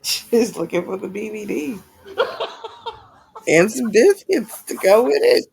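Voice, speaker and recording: A woman's voice: medium pitch, sing-song, gravelly, a little mellow, breathy edge. Giggly, teasing woman co-host. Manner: teasing, giggly, quick to laugh. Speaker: podcast co-host. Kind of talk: casual podcast chat.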